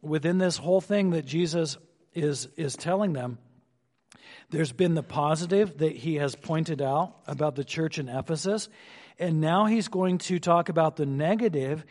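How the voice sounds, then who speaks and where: A male pastor preaching an expository sermon, slowing down to stress points and dropping his voice on asides. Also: darkish tone. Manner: expository, slows for emphasis, drops low on asides. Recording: long hall reverb.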